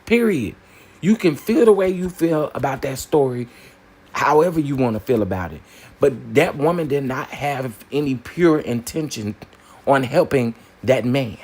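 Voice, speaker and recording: A man hosting a casual opinion commentary, emphatic and animated, repeating phrases for punch. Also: mid-range voice, moderate pace, breathy edge. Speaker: commentary channel host.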